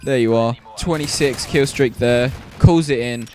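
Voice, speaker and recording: A man's voice: medium pitch, measured pace, a little mellow, slight background noise. A man giving gameplay commentary, rambling, stumbling over words and apologizing often. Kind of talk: video game commentary.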